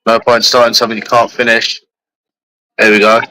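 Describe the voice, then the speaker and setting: A man's voice: medium pitch, flat delivery, fairly quick, bright, forceful tone, dry recording, rough recording. Man, young adult, slangy laughing chatter, close dry sound. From London. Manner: repetitive, laughing and slangy banter. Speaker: streamer. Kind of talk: casual chat with friends.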